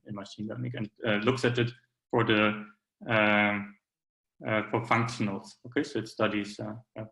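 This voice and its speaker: A man's voice: on the low side, a bit bright. Man lecturing in a roomy hall. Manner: hesitant, many fillers and restarts. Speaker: academic speaker. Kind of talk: conference talk.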